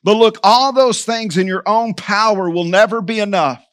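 A male pastor giving a sermon in a conversational, animated way, often turning to the congregation as church and quoting scripture. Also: high voice, normal speed, no room sound, clean studio sound. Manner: animated, quotes scripture in changing voices.

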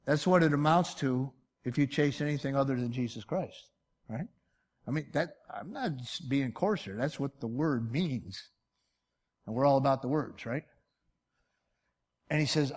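A man's voice: on the high side, animated, normal speed. Emphatic man in his fifties preaching. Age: 50s. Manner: emphatic, asks rhetorical questions, folksy. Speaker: pastor. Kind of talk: sermon.

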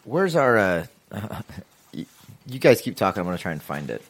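Animated, jokey male sports podcaster. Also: lowish voice, normal speed. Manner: animated, jokey, swears when riled. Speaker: podcast co-host. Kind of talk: casual sports chat.

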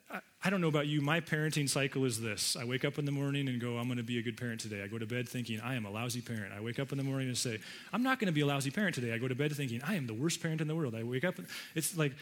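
Animated man preaching a sermon. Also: fairly high pitch. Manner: animated, acts out quoted voices. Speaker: pastor. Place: church auditorium with audience.

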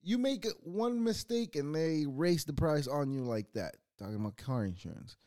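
A man hosting his own channel, ranting casually and profanely, rambling with sudden swings between loud outbursts and quiet mutters. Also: on the high side, expressive, moderate pace. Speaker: channel host.

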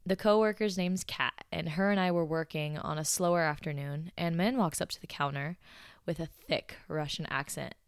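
A young American woman tells stories on her podcast with chatty, animated energy. Her voice sits slightly low and comes across smooth and crisp. The sound is dry and close, with no room echo. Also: normal speed. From United States. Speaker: podcast host. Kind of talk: storytelling podcast.

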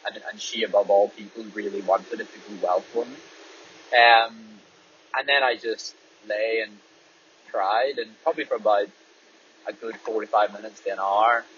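A distance runner and podcast host talks candidly while driving a small car, rambling casually and swearing freely. His voice is fairly low and steady, a bit bright, at normal speed. The audio is dull, with faint road noise.

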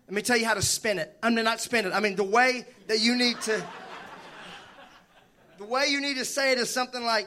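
A man preaching with a high, bright voice. He is animated and jokes with his listeners as he works through his sermon. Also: fairly quick, long pauses. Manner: animated, joking with the congregation. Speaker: pastor.

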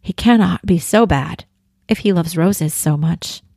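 A woman's voice: lowish voice, unhurried, creaky, warm tone, dry recording, studio quality. A woman reading aloud as a headstrong, determined young woman of eighteen in a storybook passage. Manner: read-aloud storybook narration, first person.

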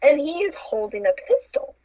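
A young woman whose voice sits high relates a story at normal speed, voicing the quoted lines in an animated way with playful asides and laughs. The audio is poor but has no echo.

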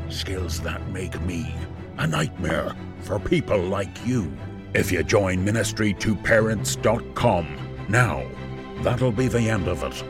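Man putting on cold menacing villain, deep voice, dragging slow delivery, dramatic music behind. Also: heavily acted. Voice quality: low, slow, measured menace. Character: menacing male kidnapper-threat caller, calm and cold.

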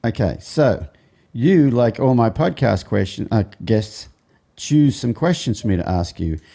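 A man's voice: medium pitch, animated, unhurried, vocal fry, mellow. A man hosting a podcast, joking and giggling as he asks his guest questions. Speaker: podcast host. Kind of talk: casual interview chat.

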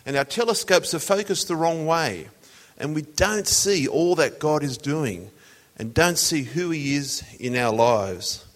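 A man preaching a sermon in a conversational, storytelling way. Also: mid-range voice. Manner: conversational, tells jokes as illustrations. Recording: long hall reverb.

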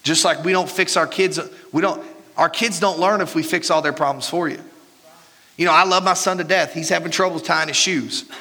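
Bright-voiced pastor preaching in a hall. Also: male voice, a little high, brisk. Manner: animated, joking, laughs at own stories. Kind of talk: sermon. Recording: reverberant hall with faint music.

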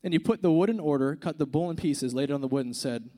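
High-voiced preacher, hushed then emphatic. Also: male voice, fast. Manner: conversational, swings from hushed to emphatic. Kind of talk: sermon.

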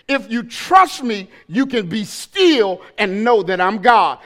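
A male pastor delivers his sermon in a strikingly high voice with a bright, sharp edge. He tells a story at an easy pace, then swells into loud, emphatic preaching. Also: very animated, takes it slowly, hardly any pauses. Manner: storytelling that builds to shouted preaching.

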